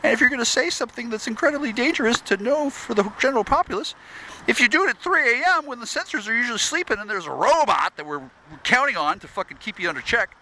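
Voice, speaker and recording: A man putting on a smug, high-voiced spy official in a sing-song, mocking falsetto. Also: expressive, fast, bright, forceful tone, slight background noise, heavily acted, rough recording.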